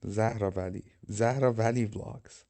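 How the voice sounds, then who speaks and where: A man's voice: fairly low pitch, unhurried, warm tone. A man hosting a livestream, talking casually and joking, swearing freely. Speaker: livestream host. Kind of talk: casual live commentary.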